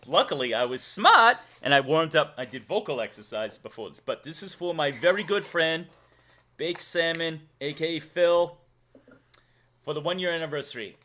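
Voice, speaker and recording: A man's voice: lively intonation, moderate pace, sharp tone. A man from Massachusetts with a Massachusetts accent, hosting a livestream in casual chat and laughing often. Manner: laughs often, chatty, swoops in pitch. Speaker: livestream host.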